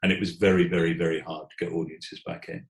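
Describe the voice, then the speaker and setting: British man, deep voice, lively storyteller, stumbling restarts, echoey room. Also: quick pace, gravelly. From Britain. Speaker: theatre executive, guest. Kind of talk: conversational storytelling.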